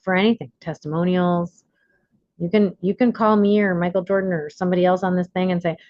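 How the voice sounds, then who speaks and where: A woman's voice: on the low side, a little fast, no room sound, lo-fi sound. A woman hosting an online workshop in casual talk, acting out the lines she quotes. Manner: animated, acts out quoted lines in bright voices. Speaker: workshop host and coach.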